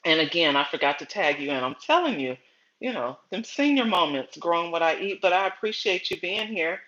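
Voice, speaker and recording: A middle-aged woman hosting a casual gardening livestream, chatty and storytelling, often pausing to greet viewers by name. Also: lowish voice, expressive, fairly bright tone, muffled recording.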